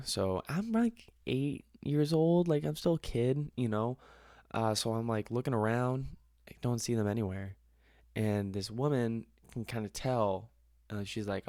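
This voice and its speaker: A young man with a lowish voice tells stories on his own casual podcast, rambling loosely, laughing and swearing as he goes. His voice is close and dry, with little room sound around it. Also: normal speed, darkish tone, no echo. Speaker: podcast host. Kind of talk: casual solo podcast storytelling.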